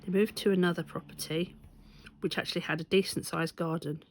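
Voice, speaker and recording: A woman's voice: on the low side, steady tone, brisk. A woman telling a rambling, amused anecdote in a casual vlog, often correcting herself as she goes. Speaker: stitching vlogger.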